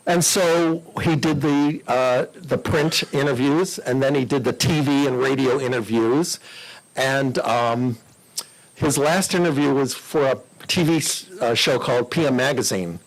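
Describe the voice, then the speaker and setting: A man's voice: medium pitch, a little slow, poor audio. An older man giving a talk to a club, telling chatty anecdotes and acting out the voices of the people in them. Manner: chatty, animated, acts out quoted voices. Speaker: guest speaker at a club meeting.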